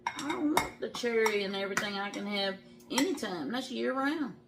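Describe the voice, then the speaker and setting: A woman's voice: mid-range voice, animated, moderate pace, noisy background. Chatty woman cooking at home. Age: middle-aged. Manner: chatty and folksy, addresses viewers as y'all, laughs often. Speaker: home cooking show host. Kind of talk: casual cooking vlog chat. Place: home kitchen.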